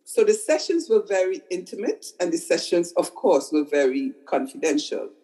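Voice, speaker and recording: A woman's voice: on the low side, very animated, moderate pace, mellow, rough recording. An older woman, a psychotherapist, talking conversationally and repeating words for emphasis. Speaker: psychotherapist guest. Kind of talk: conversational storytelling.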